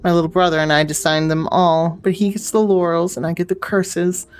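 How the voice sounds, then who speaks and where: A woman's voice: on the low side, little pitch movement, a little fast, clean tone, natural voice. Woman reading as a boastful disgraced architect. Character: boastful disgraced male architect, pub owner.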